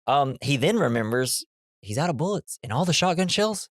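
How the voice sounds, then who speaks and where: Animated, jokey male podcast co-host. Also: on the high side, normal speed, dry recording, studio quality. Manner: laid-back, jokey retelling of plot. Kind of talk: casual movie recap chat.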